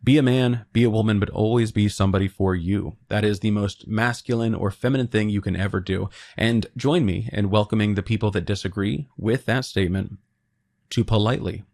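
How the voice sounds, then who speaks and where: A young man with a fairly low voice talks through his theories on a show in a loose, opinionated way. He mixes serious points with crude joking asides. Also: brisk, vocal fry, darkish tone. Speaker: video essay host. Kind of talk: casual commentary.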